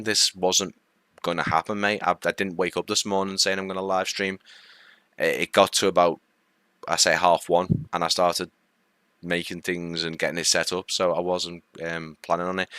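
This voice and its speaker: A man from Liverpool, England, with a light accent, hosts a casual live stream, rambling chattily with lots of fillers while greeting viewers and answering comments in a friendly way. His voice is low and smooth with a sharp tone, little pitch movement and normal speed. The sound is clean studio audio with no room sound.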